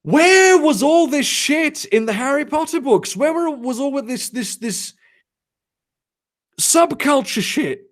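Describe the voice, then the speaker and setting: A man's voice: extremely high pitch, slow. A young man reading a fanfiction aloud on a live stream, breaking off into sarcastic, profane commentary and chatting with viewers. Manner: sarcastic, swearing, animated asides. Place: home, lives in Germany.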